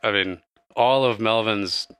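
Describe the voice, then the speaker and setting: Man running a tabletop game, lowish bright voice, very dry sound, chatty. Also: measured pace, smooth, no room sound. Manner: loose, laughing, chatty narration. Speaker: game master.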